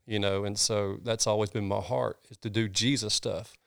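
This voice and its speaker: A man's voice: lowish voice, flat delivery, moderate pace, creaky, clean tone, dry recording, studio quality. A middle-aged man from North Georgia with a Southern accent, an earnest pastor telling his story in a casual interview with folksy sayings. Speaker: pastor, guest.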